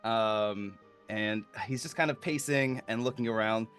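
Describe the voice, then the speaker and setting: A man running a tabletop game as game master, narrating in a halting way with many fillers. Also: lowish voice, a bit bright, faint music behind.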